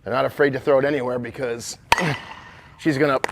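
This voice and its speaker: A man coaching and interviewing a softball player, encouraging and rambling, with many restarts in his questions. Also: mid-range voice, steady tone, normal speed, creaky, heavy background noise.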